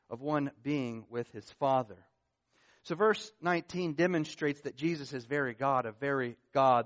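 A man preaching a sermon as pastor, stressing key words with rises and drops in voice. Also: on the high side. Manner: emphatic, rising and falling with stress.

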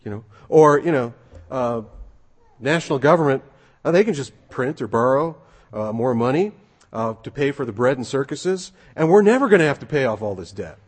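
A man preaching a sermon, emphatic and conversational, with a slightly husky voice. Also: medium pitch, expressive, normal speed. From United States. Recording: long reverb of a large hall.

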